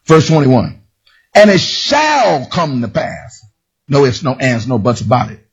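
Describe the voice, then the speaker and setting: A man preaching a sermon with a raspy voice, often shouting and sliding into a singsong lilt. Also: medium pitch, a little slow. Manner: animated, shouting, singsong emphasis. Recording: dull lo-fi recording.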